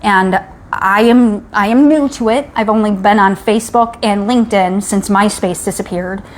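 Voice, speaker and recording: A woman's voice: medium pitch, moderate pace, slight background noise. A woman hosting a live stream, speaking in an urgent, rallying way about speaking up and sharing stories. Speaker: host. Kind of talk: live-stream advocacy talk.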